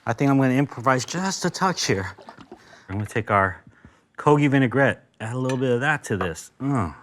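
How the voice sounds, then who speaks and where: An American man from Los Angeles gives a casual cooking lesson in a kitchen with a grill, chatty and enthusiastic with plenty of asides. His mid-range voice is a bit bright, animated and slightly fast, with a little background noise.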